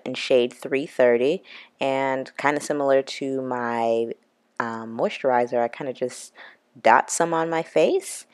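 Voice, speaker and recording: A woman's voice: extremely low pitch, a little mellow. A young woman with a stuffy, nasal voice from a cold, chatting casually through a makeup tutorial with lots of fillers. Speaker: beauty vlogger.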